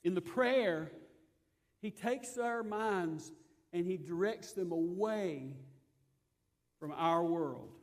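A man preaching a sermon, emphatic and given to repeating his phrases, dropping to quiet asides and then rising again. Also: sits high, slow, long pauses.

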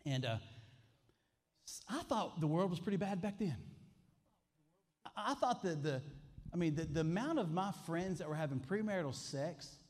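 A man's voice: on the high side, animated, normal speed, long pauses, darkish tone. A man, preaching a sermon with emphatic call-and-response lines. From Alabama, US. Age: 40s. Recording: long hall reverb.

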